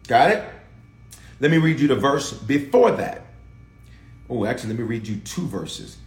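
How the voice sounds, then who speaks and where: A man's voice: mid-range voice, very animated, moderate pace, pauses often, reverberant. A middle-aged man preaching as a bishop in a sermon preview, calling out to viewers and urging them to answer in the comments.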